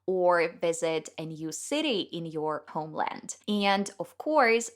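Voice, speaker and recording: A cheerful young woman whose first language is Russian speaks clearly and deliberately, as if to English learners. Her voice sits a little low for a woman, and she hosts a scripted podcast monologue. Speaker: English teacher and podcast host.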